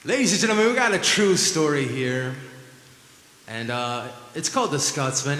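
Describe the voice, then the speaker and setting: A man's voice: mid-range voice, fairly bright tone. Band guy on the mic thanking folks and calling the next song, echoey hall, bit of hiss. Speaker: band member and emcee. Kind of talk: live stage announcing.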